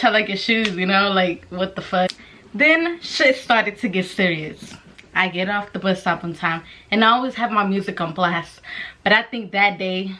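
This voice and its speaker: A woman's voice: mid-range voice, sharp tone. Brash young woman telling a profane story. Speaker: vlogger. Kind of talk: casual storytime vlog.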